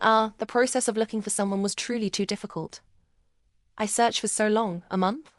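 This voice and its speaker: A woman narrating a first-person romance story in a calm, emotional storytelling manner. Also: medium pitch, no echo, studio quality.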